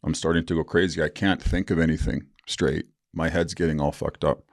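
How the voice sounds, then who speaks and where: Gravelly deep-voiced man. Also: little pitch movement, a little fast, no room sound, clean studio sound. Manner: blunt and profane, with rueful laughs. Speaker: podcast host. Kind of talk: candid personal storytelling.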